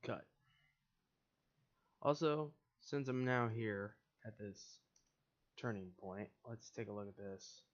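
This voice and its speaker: A man's voice: lowish voice, slow, pauses often, highs cut off, slight background noise. A man livestreaming a build, ranting in exasperated, profane casual commentary. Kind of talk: casual live-stream commentary while building.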